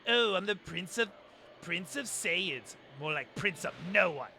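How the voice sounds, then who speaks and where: A man imitating a haughty alien emperor in a soft, slightly nasal, lightly British voice, sneering and mocking. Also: high voice, expressive, unhurried, vocal fry, a little hiss or hum, full character voice. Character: haughty cold alien tyrant emperor, male.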